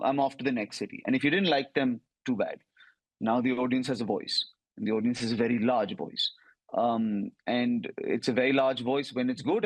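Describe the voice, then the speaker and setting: A man from India, a comedian, answers interview questions in an articulate, conversational way. He leans on emphasis and repetition to make his points, at a medium pitch. The sound is dry and close. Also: dry recording, low-quality recording. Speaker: comedian guest.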